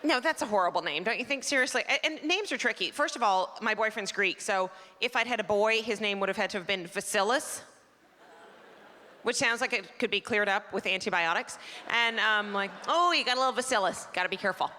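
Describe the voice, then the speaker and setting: A Canadian comic in her forties teases the theater crowd and jokes at her own expense, her medium-pitched voice pushed, bright, and a little fast. Her delivery is chatty. It's recorded live in a theater with a long hall reverb and faint crowd noise.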